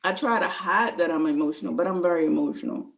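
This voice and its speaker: A woman's voice: fairly low pitch, fast talker, vocal fry, rough recording. A woman guest in a casual conversation, talking earnestly and rambling, filling her talk with "like". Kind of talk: casual chat.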